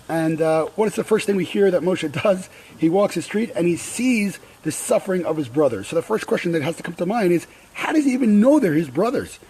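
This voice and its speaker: A man with a high voice gives a relaxed Torah talk while standing outdoors by a grill. He speaks conversationally, often restarting and adding asides, with faint outdoor ambience behind him. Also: a little hiss or hum, rough recording. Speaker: Torah teacher.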